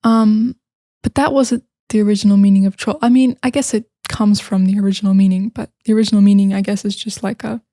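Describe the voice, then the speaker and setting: A woman's voice: medium pitch, steady tone, fast talker, warm tone, dry recording, studio quality. An American woman, a native English speaker, telling fairy tales to learners in a chatty way with many fillers, sometimes dropping to a whisper. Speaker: English teacher. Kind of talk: casual storytelling for learners.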